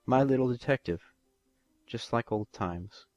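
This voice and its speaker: A man's voice: medium pitch, unhurried, a little mellow, muffled recording, soft background music, pitched above the performer's own voice, lightly acted. A man voicing a tall female pony princess who is drunk and wailing through her tears. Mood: drowsy. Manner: wailing, weepy and self-pitying.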